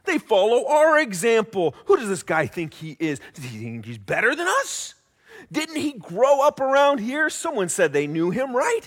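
A man's voice: extremely high pitch, sing-song, normal speed, a bit bright, slightly rough, voice pushed up, full character voice. A man voicing indignant, proud male religious scholars who scoff in raised, incredulous tones.

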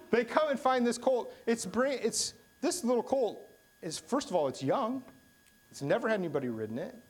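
A man preaching a sermon, telling stories with humor and rising to sudden bursts of emphasis. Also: mid-range voice. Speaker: pastor.

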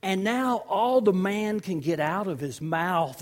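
A man in his fifties preaching a sermon as pastor, swinging between loud emphasis and hushed, near-whispered lines. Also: high-pitched, lively intonation, slow pace, hardly any pauses. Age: 50s.

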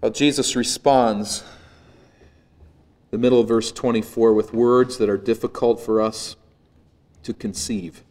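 A male pastor preaching a sermon, retelling a scene with vivid, dramatic storytelling that swells and drops to a hush. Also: medium pitch, fairly even intonation, measured pace, pauses often.

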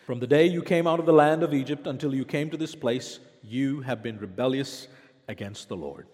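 A man's voice: medium pitch, a little fast, a little mellow, long reverb tail. A man preaching a sermon as pastor, asking the congregation rhetorical questions.

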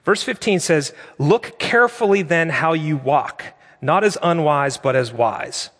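A man's voice: a little high, unhurried, a bit bright, in a large hall. A middle-aged man preaching a sermon in a conversational way, asking the congregation rhetorical questions. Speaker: pastor.

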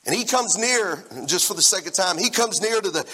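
A man in his forties preaching a lively sermon and talking straight to the congregation in a church hall. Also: high voice, brisk, slightly rough. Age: 40s. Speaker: pastor. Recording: long church-hall reverb.

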